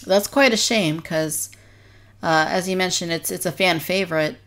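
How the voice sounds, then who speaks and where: A woman's voice: fairly low pitch, normal speed, fairly bright tone. A woman co-hosting a casual podcast discussion, reviewing in an earnest, detailed way. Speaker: podcast co-host.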